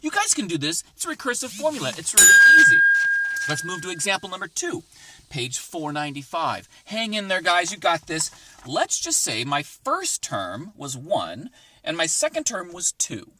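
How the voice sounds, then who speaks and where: Upbeat teacher with a bright, lively voice. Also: male voice, on the high side, moderate pace, slight background noise. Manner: encouraging, chatty, thinks aloud. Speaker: math teacher. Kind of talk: casual recorded math lesson. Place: inside a parked car.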